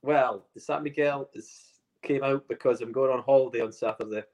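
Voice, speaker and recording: A man's voice: mid-range voice, steady tone, brisk, a little mellow. Sweary Scottish man bantering. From Scotland. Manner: sweary, teasing, joking. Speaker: podcast co-host, former footballer. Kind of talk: casual banter.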